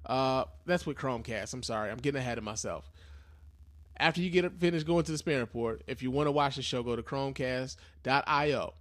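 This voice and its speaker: A man's voice: mid-range voice, brisk, a bit bright. A young man hosting a live podcast in loose, profane slang, talking casually and with a lot of energy. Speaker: podcast host.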